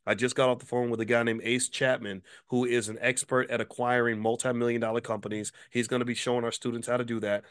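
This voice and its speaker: Fired-up guy ranting on his show, cussing, lots of rhetorical questions, mid-pitched voice. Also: little pitch movement, fast talker, hardly any pauses, a bit bright, clean tone. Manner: profane, angry rhetorical questioning; promotional plugging. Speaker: host, finance commentator. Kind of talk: fired-up video commentary.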